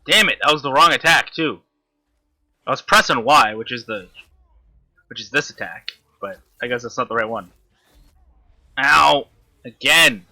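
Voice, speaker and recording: A man's voice: medium pitch, expressive, a little slow, pauses often, pushed and bright. A man commentating his own gameplay, frustrated and swearing constantly at the enemy he is fighting. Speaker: gamer.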